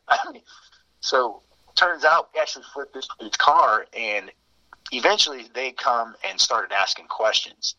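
A man's voice: medium pitch, lively intonation, measured pace, sharp tone. A man telling fraternity-days stories in a rambling, laid-back way, heard over a muffled remote line. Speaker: interview guest. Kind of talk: casual storytelling.

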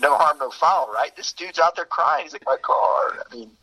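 A man's voice: on the high side, expressive, brisk, pushed and bright, a little hiss or hum. A man telling fraternity-days stories in a rambling, laid-back way, heard over a muffled remote line. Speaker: interview guest. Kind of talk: casual storytelling.

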